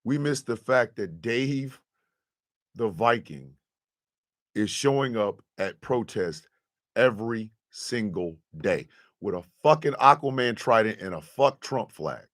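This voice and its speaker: A man hosting his show, talking to his audience in an impassioned, profane monologue that swings from quiet confession to loud outrage. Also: medium pitch, animated, takes it slowly.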